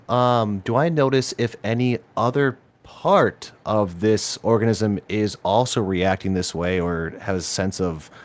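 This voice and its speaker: A man with a very deep voice chatting as a player in a tabletop game. He talks slowly and hesitantly, thinking aloud with fillers. The sound is close and dry, with no room echo. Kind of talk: casual tabletop game chat.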